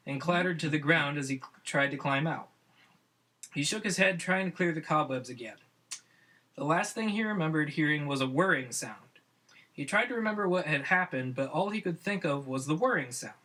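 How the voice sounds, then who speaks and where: A man's voice: on the high side, pushed and bright. A man narrating a comic adventure story on a podcast, often amused by his own tale.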